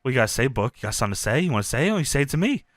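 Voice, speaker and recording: A man's voice: medium pitch, sing-song, racing, no room sound, clean studio sound, pitched below the performer's own voice, lightly acted. A man putting on an angry, commanding wrestling stable leader, barking threats during a podcast retelling. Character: furious bossy male wrestling stable leader.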